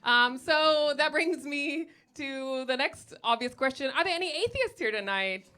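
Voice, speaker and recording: On a comedy stage before a live audience, a young German woman performs stand-up, sardonic and chatty, with lots of ums and likes, laughing at her own jokes. Her slightly high voice is bright and forceful, animated yet unhurried.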